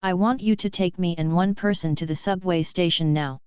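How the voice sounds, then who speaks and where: A man's voice: high-pitched, normal speed, smooth, no room sound, close to an everyday voice. A woman voicing a sly young man who teases and threatens with a smile, in a dull lo-fi audiobook recording. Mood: teasing. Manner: teasing, smiling threats.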